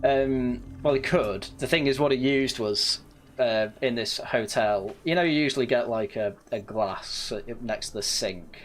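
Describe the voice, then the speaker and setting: A man's voice: mid-range voice, measured pace, music in the background. Young northern English male gamer, slightly posh, chatty storyteller, mid-range voice. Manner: rambling anecdotes with frequent laughs and self-corrections. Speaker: gaming channel host. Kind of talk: casual let's-play chat.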